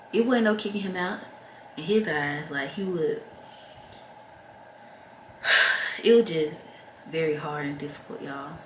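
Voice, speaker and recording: Low-voiced young woman, frank vlog confession. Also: slow pace, long pauses, fairly bright tone, a little hiss or hum. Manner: frank, heavy-hearted, addresses viewers directly. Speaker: vlogger. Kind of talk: candid personal storytelling to camera. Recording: roomy echo with faint ambience.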